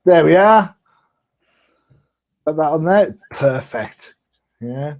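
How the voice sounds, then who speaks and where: A man's voice: fairly high pitch, expressive, takes it slowly. Chatty man on a dull lo-fi line. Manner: chatty, jokey, lots of ums. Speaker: comic podcast co-host. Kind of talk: casual chat.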